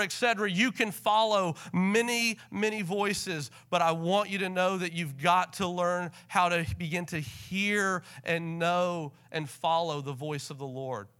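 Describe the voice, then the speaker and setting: A male pastor delivers a sermon in a church, his voice bright and forceful. He is animated, dropping soft and then rising loud and fast. His voice sits a little high for a man. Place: church sanctuary.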